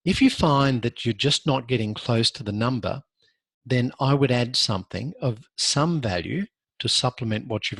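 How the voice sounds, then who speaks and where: A man with an Australian accent lectures on law in a measured, earnest way, pausing now and then to gather his words. His voice sits fairly low with a husky edge. The recording is dry and close, with little sound of the room. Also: fairly bright tone, dry recording. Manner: measured, earnest advice with frequent fillers.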